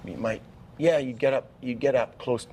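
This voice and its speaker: A man's voice: mid-range voice, normal speed, darkish tone, a little hiss or hum. A man giving an animation masterclass lecture, explaining with false starts and counting frames aloud. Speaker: animation teacher.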